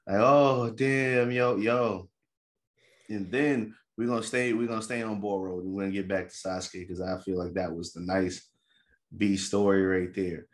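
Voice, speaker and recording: A young man casually recapping an anime episode with a co-host, animated and slangy, acting out the characters' lines as he goes. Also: sits low, normal speed.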